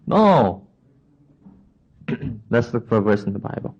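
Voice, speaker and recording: A man's voice: medium pitch, big pitch swings, unhurried, gravelly, pauses often, darkish tone, breathy edge, muffled recording. A man preaching a sermon to a congregation, asking questions and acting out the voices of people and of God.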